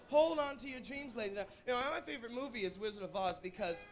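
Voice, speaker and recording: A man's voice: extremely high pitch, fast talker. A man performing as a drag queen, from Georgia, bantering with a club audience on a handheld mic in sassy, campy live stage chatter with a bubbly laugh. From Atlanta, Georgia. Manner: sassy, campy, calls people honey and baby. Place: nightclub stage. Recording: live club recording, noisy crowd.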